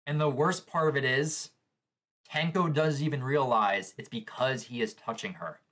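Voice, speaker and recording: A man's voice: medium pitch, normal speed, fairly bright tone, slight background noise. Man reacting live to a manga chapter. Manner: narrates panels aloud, reacting with shock.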